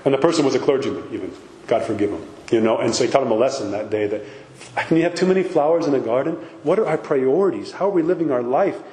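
A man's voice: medium pitch, lively intonation, quick pace, dark tone. Priest guy preaching casual, emphatic, lots of "right?" questions, long echo in a church hall. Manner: emphatic, with frequent rhetorical questions. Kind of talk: conversational sermon. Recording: echoey hall with faint background noise.

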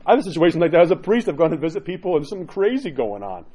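A man who is a priest, preaching in a conversational, animated way, with many rhetorical "right?" asides and quoted inner voices acted out. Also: racing, breathy edge. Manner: acts out quoted inner voices with sudden jumps in pitch. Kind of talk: sermon.

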